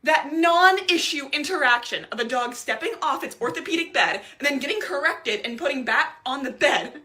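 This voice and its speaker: Woman, high bright voice, profane exasperated TikTok rant. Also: lively intonation, normal speed. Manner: profane, exasperated, laughing ranting. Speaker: TikTok commentator. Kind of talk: casual ranting commentary.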